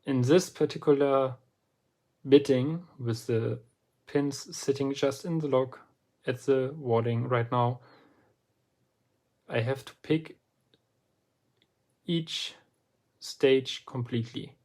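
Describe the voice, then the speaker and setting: Slow, deliberate man explaining a lock. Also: mid-range voice, a little mellow. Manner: slow and deliberate, pauses often between phrases. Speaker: lock picking hobbyist presenting a lock. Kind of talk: relaxed instructional walkthrough.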